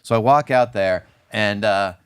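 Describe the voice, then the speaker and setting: A man's voice: fairly low pitch, unhurried, clean tone, no echo. A middle-aged male comedian telling a self-deprecating anecdote as a guest, acting out the lines he quotes. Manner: lively storyteller, self-deprecating, acts out quotes.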